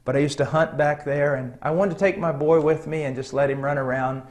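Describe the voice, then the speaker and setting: Middle-aged guy preaching, earnest and chatty, lots of ums, voice a bit on the high side. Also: fairly even intonation, brisk. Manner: earnest, conversational, with frequent ums and soft chuckles. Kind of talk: sermon with personal story.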